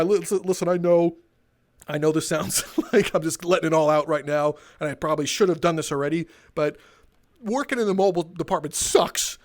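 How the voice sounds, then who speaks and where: The speaker is a young man ranting comedically as he walks, full of swearing, sarcasm, and exasperation, like a profane walking tour. His voice runs slightly high and slightly fast.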